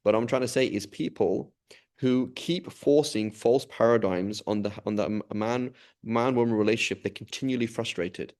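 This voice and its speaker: A man's voice: medium pitch, normal speed, a little mellow. A man giving a casual religious talk in a conversational way, often checking in with the listener and acting out quoted dialogue. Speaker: religious teacher.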